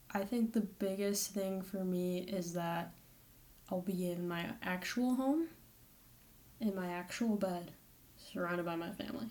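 A woman's voice: medium pitch, fairly even intonation, unhurried, mellow. A young woman, a college student, talking casually on her own podcast, rambling with lots of fillers and corrections. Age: young adult. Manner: chatty, rambling, with many "like" fillers and self-corrections. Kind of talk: casual solo podcast monologue.

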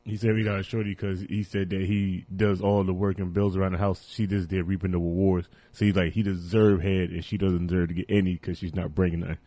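A young man co-hosting a podcast, telling profane stories about celebrity gossip and laughing loudly. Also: low voice, little pitch movement, fast talker, few pauses, no echo. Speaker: podcast co-host. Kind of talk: crude casual banter.

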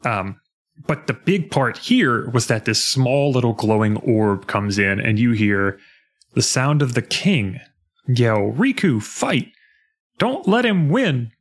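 A man co-hosting a podcast, chatting casually and retelling video game scenes in an animated way, quoting the characters as he goes. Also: mid-range voice, slow pace. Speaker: podcast co-host.

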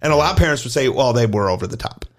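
Man, middle-aged, gymnastics coach, podcast co-host, casual storytelling, animated, acts out quoted voices. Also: mid-range voice, racing.

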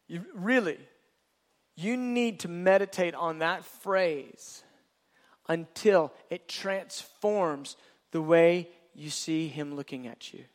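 High-voiced preacher, emphatic and repetitive. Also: male voice, slow pace. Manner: emphatic, repetitive, rhetorical questions. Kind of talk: sermon.

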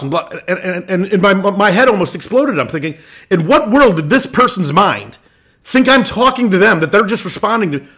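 Male host, blunt swearing rant, bright husky tone, pitched a bit high. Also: very animated, normal speed. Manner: blunt, swears, ranting, many restarts. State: irritated. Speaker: lacrosse podcast host. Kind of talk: opinion rant.

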